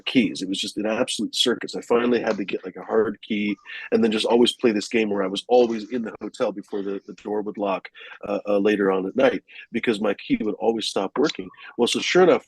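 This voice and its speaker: A man's voice: on the low side, darkish tone, slightly rough, low-quality recording. A man telling a long story casually, rambling and profane, with many fillers and restarts.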